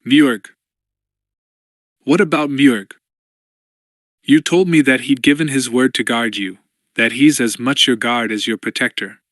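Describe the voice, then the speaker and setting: A man voicing a weary, anxious young woman who speaks softly and hesitantly in an audiobook. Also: medium pitch, steady tone, a little slow, pauses often, no room sound, clean studio sound, close to an everyday voice. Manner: soft, pleading, uncertain.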